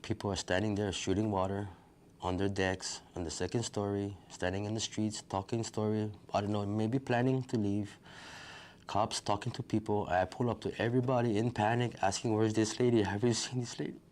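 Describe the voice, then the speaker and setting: A middle-aged man, his voice sitting on the low side. He recounts his story as a vivid present-tense retelling and acts out the dialogue. A faint noise sits under his voice. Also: steady tone, normal speed, a little mellow. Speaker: wildfire survivor. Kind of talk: personal storytelling.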